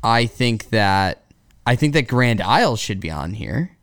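A man's voice: on the low side, sing-song, unhurried, no room sound, studio quality. A man co-hosting a podcast, exasperated and steering the casual chat back on track. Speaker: podcast co-host.

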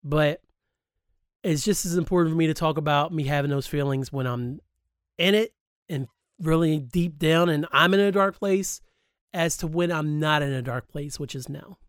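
Here the adult male podcast host, past high school age, has a somewhat high, clear, resonant voice at a moderate pace. The recording is dry and studio quality as he swears freely through a candid, emphatic personal monologue.

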